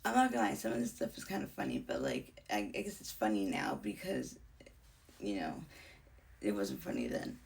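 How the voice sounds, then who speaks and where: A young woman vlogger talks candidly, her voice heavy with vocal fry. Her pitch swings widely as she chats, sometimes falling to a whisper, and she sits a little back from the mic. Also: huge pitch swings, moderate pace, a little mellow, distant mic. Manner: candid and chatty, often drops into whispers. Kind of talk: casual storytelling.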